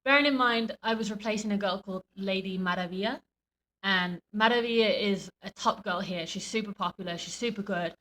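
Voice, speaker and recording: A woman's voice: mid-range voice, brisk, fairly bright tone, low-quality recording. A woman co-hosting a podcast in casual chat. She tells stories with animation and acts out what people said. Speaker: podcast co-host. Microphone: podcast microphone.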